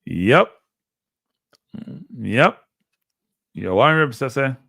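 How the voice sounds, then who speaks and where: Animated man, dry close sound. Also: medium pitch, very slow, gravelly, husky, no room sound. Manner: animated, repetitive, addresses viewers as "people". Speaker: livestream host. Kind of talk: casual live commentary.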